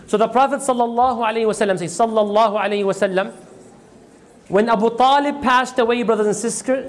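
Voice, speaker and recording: A man giving a religious lecture as a teacher, retelling a story dramatically and quizzing his audience with call-and-response questions. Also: extremely high pitch. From United States. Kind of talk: sermon-style storytelling lecture.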